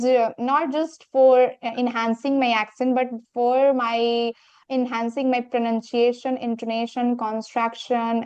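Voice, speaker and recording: A woman's voice: fairly high pitch, a little mellow, clear, resonant tone, dry recording. A woman in a casual English practice chat, earnest and talking in long searching sentences. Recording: dull, muffled sound.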